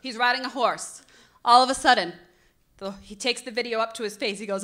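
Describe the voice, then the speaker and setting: A woman in her thirties from the northeastern United States tells a live story to a crowd, animated and quick to laugh at herself. Her voice sits a little high and rings sharp and bright. She talks into a stage mic. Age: 30s. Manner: animated, self-mocking, laughing often. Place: bar venue before an audience.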